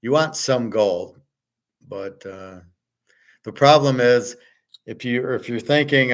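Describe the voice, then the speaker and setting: A man with a somewhat low voice hosts a loose livestream chat. He answers viewers' questions in a blunt, opinionated way, often rambling and circling back on his points. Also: unhurried. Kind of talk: casual livestream commentary.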